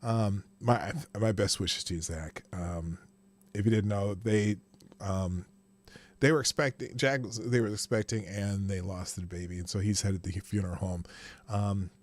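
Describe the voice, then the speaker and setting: A man's voice: fairly low pitch, steady tone, moderate pace. A man hosting a casual live-streamed morning show, rambling as he greets his viewers by name.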